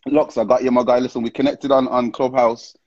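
A man's voice: medium pitch, level tone, brisk, darkish tone, no echo, dull audio. A man hosting a casual live stream, full of slang and greeting viewers one after another. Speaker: livestream host.

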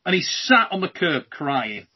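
A brash man hosts a podcast over a video call. His high voice swings up and down, and it sounds a little husky. The lo-fi line makes it dull. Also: very animated, a little slow. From Britain. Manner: brash, joking, swears freely. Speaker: host. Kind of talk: casual podcast chat.

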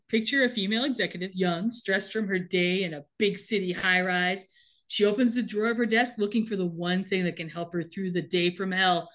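This woman has a mid-range, somewhat bright voice. She's co-hosting a relaxed podcast, going over a TV episode with lots of animation and frequent laughter.

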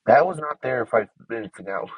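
A man's voice: medium pitch, animated, a little fast, gravelly, husky, dry recording, poor audio. A man giving casual commentary to himself while he builds in a game. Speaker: gameplay streamer.

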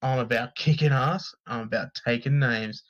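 A man's voice: mid-range voice, normal speed, a bit bright, dull audio. Man, podcast co-host, casual news reading, sweary, joking, trips over names.

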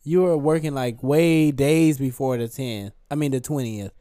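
A man's voice: mid-range voice, normal speed, warm tone, clean tone, no echo, studio quality. A man co-hosting a podcast in casual chat, reflective and encouraging, laughing often. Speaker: podcast co-host.

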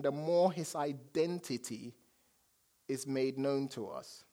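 A man preaching a sermon as a pastor, telling stories with dramatic swings from loud declarations to hushed asides. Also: on the high side, fairly even intonation, slow.

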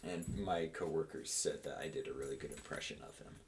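A man's voice: extremely low pitch, fairly quick, gravelly, a little hiss or hum. A man co-hosting a casual podcast at home, rambling and laughing with playful asides. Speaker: podcast co-host. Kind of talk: casual chat.

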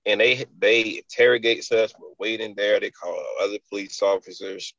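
A man's voice: lowish voice, steady tone, normal speed, pushed and bright, no echo, highs cut off. A man, a fitness entrepreneur, telling a long personal story in an interview, loose and rambling with many fillers.

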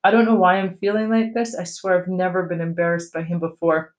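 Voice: medium pitch, little pitch movement, a little fast, natural voice. A reader voicing an upset, defensive teenage girl in a book read aloud.

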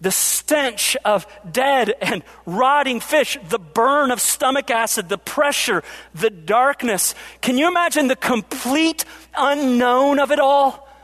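A man preaching a sermon, asking the congregation rhetorical questions and slowing down to stress key lines. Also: extremely high pitch, a bit bright. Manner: preaching with rhetorical questions, varying pace for emphasis. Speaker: pastor.

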